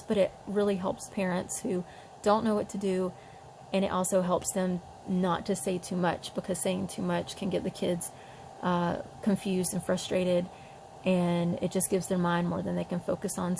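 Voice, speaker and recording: A woman with a low, gravelly voice explains phonics in a relaxed home tutorial. She speaks on a flat, even pitch and slows down to sound out words. A faint hiss of noise sits behind her. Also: low-quality recording. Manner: demonstrates sounds slowly, chatty with fillers. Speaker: parent teaching reading.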